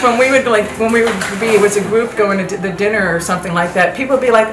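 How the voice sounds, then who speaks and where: A woman's voice: fairly high pitch, fast talker, few pauses. Laughing woman telling a story. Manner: laughing, animated, acts out quotes. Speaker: interviewee sharing memories. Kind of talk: casual storytelling. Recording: roomy room with loud background noise.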